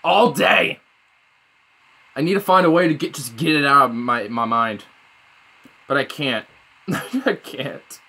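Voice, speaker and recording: A young man rambling through a casual vlog, swearing a lot, sarcastic and prone to sudden loud high outbursts. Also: animated, slow pace, vocal fry, long pauses. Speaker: vlogger.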